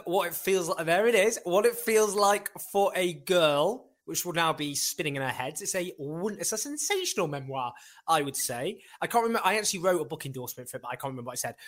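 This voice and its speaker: Brief: male podcast host, slightly higher voice, rambling and jokey. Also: fairly bright tone. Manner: rambling and self-correcting, jokey. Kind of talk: casual podcast chat.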